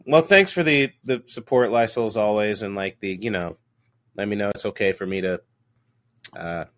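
A man's voice: on the low side, normal speed. A man hosting a call-in show, chatting casually and laughing easily with his callers. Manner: laid-back, chatty, often laughs with callers.

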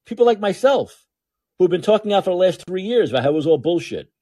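Male podcast host, husky and mellow, lively sarcastic monologue with loud peaks and mumbled asides. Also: sits high, fast talker. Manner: sarcastic, animated, swings from loud outbursts to muttering asides. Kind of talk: opinionated monologue. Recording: talking alone at home.

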